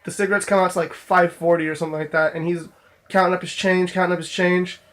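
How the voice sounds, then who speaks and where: A man's voice: high-pitched, level tone, quick pace, a bit bright. A young man casually telling a story from his job in a vlog, rambling with lots of fillers and restarts. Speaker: store clerk telling a work story.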